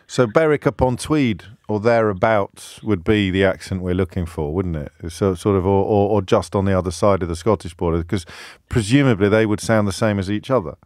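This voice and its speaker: A low-pitched man hosts a radio phone-in, chatting loosely with a wry, self-mocking humour. His voice is close and dry, with no room around it. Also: brisk, hardly any pauses, a little mellow, no echo. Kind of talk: casual radio talk. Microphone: studio microphone.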